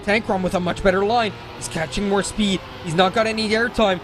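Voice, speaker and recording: High-voiced excitable esports caster, man. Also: music in the background. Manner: excitable, jokey, quick self-corrections. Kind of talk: play-by-play commentary.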